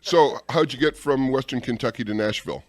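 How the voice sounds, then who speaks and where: A man's voice: medium pitch, fairly quick. A man co-hosting a morning radio show, chatty and joking, recalling his own past while he questions a guest. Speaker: radio co-host. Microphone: studio microphone.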